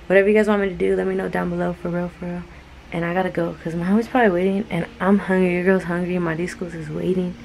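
A young woman from California with a Californian accent, chatting casually to her vlog camera in a relaxed, slangy way, full of "like". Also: lowish voice, quick pace, vocal fry, a little hiss or hum, low-quality recording. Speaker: vlogger. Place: in a car, then a restaurant. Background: loud music.

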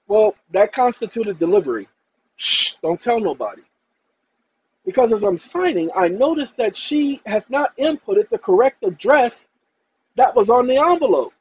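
A man's voice: high-pitched, sing-song, normal speed, a little hiss or hum, low-quality recording. A man hosting his own channel, talking to viewers in an emphatic, combative, colloquial monologue. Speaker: channel host.

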